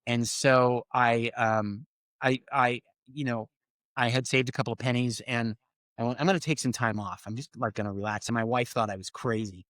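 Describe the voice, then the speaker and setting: A middle-aged man telling business stories in a casual interview, acting out quoted lines with lively swings. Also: medium pitch, moderate pace, no room sound. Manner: animated storyteller, acts out quoted lines. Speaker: podcast guest.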